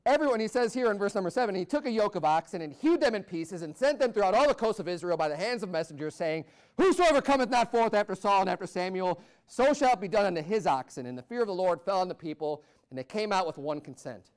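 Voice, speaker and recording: An American man preaching a sermon as pastor, swinging from loud, rising peaks to low asides. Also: expressive, fast, smooth. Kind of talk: fiery Baptist sermon.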